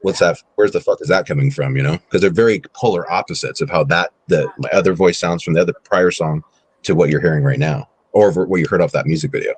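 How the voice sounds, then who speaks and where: A man guest talking in a casual interview chat over a streamed video call, relaxed and rambling with many fillers. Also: deep voice, fast talker, slightly rough. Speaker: guest musician.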